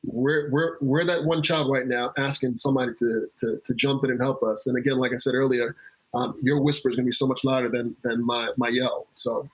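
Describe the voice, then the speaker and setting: A man's voice: medium pitch, level tone, a little fast, husky, low-quality recording. A man, a children's pastor, speaking as an interview guest with impassioned, earnest conviction and repeating words as he builds his points. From South Florida.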